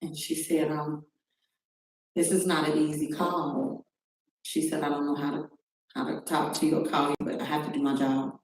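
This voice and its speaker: A woman's voice: low-pitched, flat delivery, moderate pace. A middle-aged woman giving a personal account as a talk show guest, acting out the phone calls she describes. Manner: recounts events by acting out quoted phone calls. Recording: very echoey room, distant mic, faint noise.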